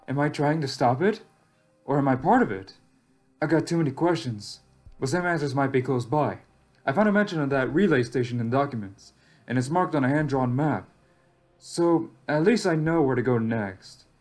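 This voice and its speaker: A man's voice: medium pitch, animated, moderate pace, a little mellow, close to an everyday voice. A man reading aloud as a lost, anxious young survivor in a text game, reflective and wry, with faint game music behind. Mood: musing. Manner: reflective, rises sharply when alarmed.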